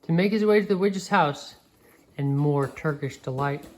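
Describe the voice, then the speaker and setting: Woman, low voice, reading picture book to a child, gentle, expressive, occasional slips. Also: moderate pace, slight background noise, poor audio. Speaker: reader.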